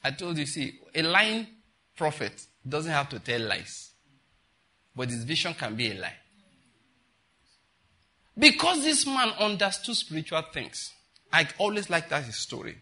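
A man's voice: fairly high pitch, very animated, measured pace, long pauses, bright, forceful tone. A man preaching a sermon as a pastor, scolding and mocking, repeating phrases for effect.

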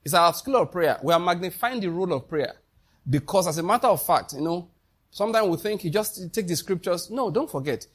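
A man preaches a sermon, fairly high in pitch. He is emphatic and keeps throwing questions out to the congregation. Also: lively intonation, fairly quick, fairly bright tone, husky. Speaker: pastor.

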